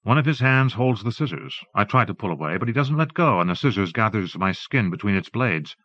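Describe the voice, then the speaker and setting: A man narrating a literary audiobook in a measured, even reading. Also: lowish voice, no room sound. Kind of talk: scripted narration. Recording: dull dry tape recording.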